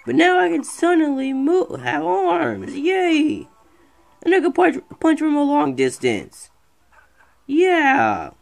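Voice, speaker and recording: A streamer giving casual let's-play commentary, excitable and rambling, talking back to the game. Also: sits high, takes it slowly, gravelly. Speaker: gameplay streamer.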